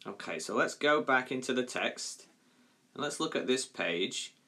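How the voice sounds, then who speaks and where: A male primary school teacher reading a story aloud to his class in a clear, measured way. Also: mid-range voice, expressive, bright, forceful tone.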